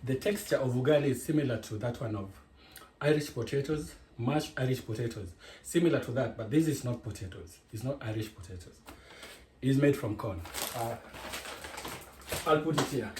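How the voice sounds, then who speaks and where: A man's voice: mid-range voice, moderate pace, darkish tone. A man with a Kenyan accent giving a chatty, digressive home cooking tutorial from his kitchen, explaining each step. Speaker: home cook. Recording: echoey kitchen with faint noise.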